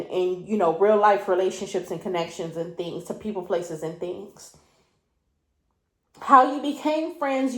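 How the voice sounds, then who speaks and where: A woman with a slightly high voice gives a spiritual reading, speaking in a reflective, chatty way. She keeps circling back to the same rhetorical questions. Her voice carries a noticeable room echo. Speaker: spiritual reader. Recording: echoey room.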